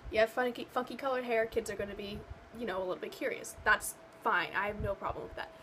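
A woman's voice: mid-range voice, fast, fairly bright tone, slight background noise, poor audio. A young woman ranting to camera in a vlog, exasperated and sarcastic, rambling with lots of fillers. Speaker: vlogger. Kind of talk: casual rant to camera.

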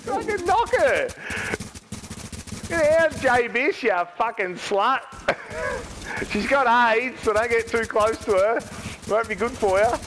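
A man's voice: very high-pitched, steady tone, measured pace, background noise. A young man trash-talking other players while gaming, taunting and jeering with frequent laughter. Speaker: gamer.

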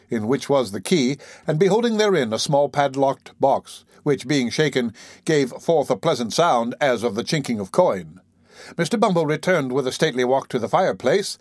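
A man reading a classic novel aloud as an audiobook narrator, in a measured, theatrical way. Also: medium pitch, dry recording, studio quality. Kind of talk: scripted narration.

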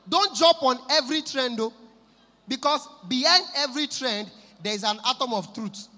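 A man with a Nigerian accent doing an animated stand-up comedy set in Pidgin English, switching into voices for his characters. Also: extremely high pitch, normal speed. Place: large live venue with audience. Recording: echoey hall from a live show.

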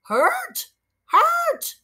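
A woman voicing a parrot that squawks and repeats words in a shrill voice. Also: wildly swooping pitch, drawn-out words, bright, forceful tone, full character voice. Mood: squawking.

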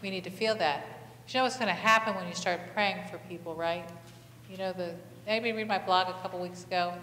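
A woman's voice: lowish voice, fairly even intonation, quick pace, fairly bright tone, slight background noise. A woman pastor giving a conversational sermon, asking the congregation many questions and telling stories with animation. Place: church sanctuary. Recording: echoey church hall, faint ambience.

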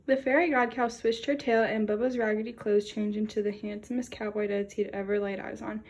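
A woman reading a children's picture book aloud in a lively storytelling way. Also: medium pitch, fairly quick. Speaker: storybook reader. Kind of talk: children's read-aloud narration.

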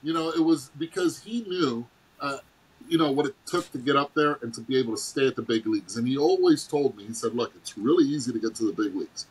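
A man's voice: brisk, a little hiss or hum, poor audio. A middle-aged man, a former ballplayer, telling stories casually and acting out quotes with big jumps in his voice. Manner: animated, acts out quotes with big pitch jumps and laughs. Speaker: guest, former baseball player. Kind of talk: casual storytelling.

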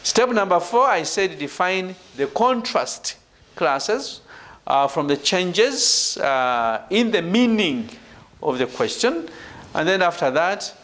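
A man teaching a PhD seminar, stressing key words and checking in with "right?" and "ladies and gentlemen". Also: high voice, very animated, slow. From Uganda. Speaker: university lecturer. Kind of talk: online PhD seminar lecture.

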